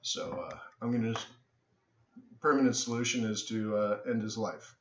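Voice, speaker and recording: Man, live-stream host, rambling stories, tired, bright voice, echoey lo-fi sound. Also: lowish voice, normal speed. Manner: animated storyteller, says "so anyways" often, trails off. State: tired from little sleep. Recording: echoey room, dull lo-fi sound.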